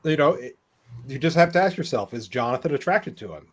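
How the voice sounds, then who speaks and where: A man's voice: mid-range voice, lively intonation, brisk. A man co-hosting a casual group chat, playful and teasing. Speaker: podcast co-host.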